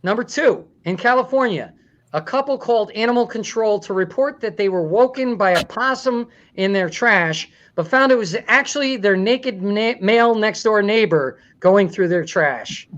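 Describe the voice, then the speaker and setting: A man's voice: sits high, lively intonation, moderate pace, a bit bright, lo-fi sound. A man hosting a comedy talk show, joking and laughing through his running commentary.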